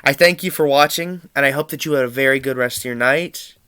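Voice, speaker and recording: A young man from Pennsylvania telling family anecdotes in an animated, chuckling way for a student project. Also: medium pitch, a little fast, clear, resonant tone, no room sound, studio quality. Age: young adult. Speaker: student storyteller.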